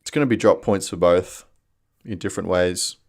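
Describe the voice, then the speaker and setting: A man's voice: sits low, normal speed. A man co-hosting a casual live football chat, wry and analytical, thinking aloud with restarts. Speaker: podcast co-host.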